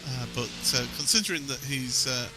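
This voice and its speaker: A man's voice: medium pitch, fairly quick, over loud music. A man commentating a sim race in a chatty, joking way, with lots of fillers. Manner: chatty, jokey, many fillers.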